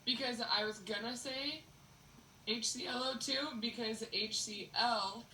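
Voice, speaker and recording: A woman's voice: a little high, measured pace, pushed and bright, a little hiss or hum. A woman student in a chemistry class, asking casual questions and chatting with the instructor. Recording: echoey classroom.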